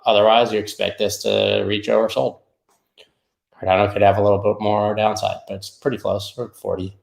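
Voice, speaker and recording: A man's voice: lowish voice, gravelly, reverberant. A man hosting a crypto market show, rambling through live chart analysis with irreverent, jokey asides.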